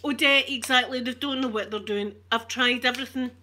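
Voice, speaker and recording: A woman's voice: fairly high pitch, a little fast, bright, forceful tone, slight background noise. A Scottish woman chatting on an ASMR live stream, ranting with animation and swearing freely. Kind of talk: casual live-stream chat.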